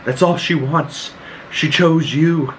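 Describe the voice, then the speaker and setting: A man quoting a stern witch mother in his own voice, calm and grave. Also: fairly high pitch, takes it slowly, a little hiss or hum, pitched above the performer's own voice, poor audio.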